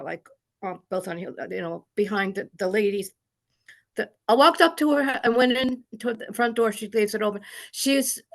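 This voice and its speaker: A participant in an online study group speaks through a video call with a creaky, mid-range voice. Earnest and rambling, she keeps restarting as she tells her personal story.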